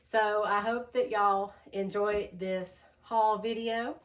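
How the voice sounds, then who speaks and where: A woman vlogging a casual thrift haul, chatty and tired, low on energy after being sick, with lots of "um"s. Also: fairly even intonation, takes it slowly. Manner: chatty, says "y'all", many "um"s.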